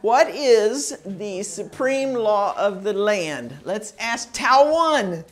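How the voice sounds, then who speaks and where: A woman's voice: mid-range voice, expressive. A woman teaching a citizenship test class, patiently drilling pronunciation and sounding out words syllable by syllable. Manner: slow, patient, over-enunciating words.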